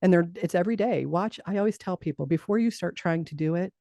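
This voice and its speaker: A woman's voice: on the low side, fast, warm tone, no echo, studio quality. A middle-aged woman, a guest in an interview, telling a personal story in earnest conversation and acting out the dialogue she recalls. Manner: earnest, acts out quoted dialogue.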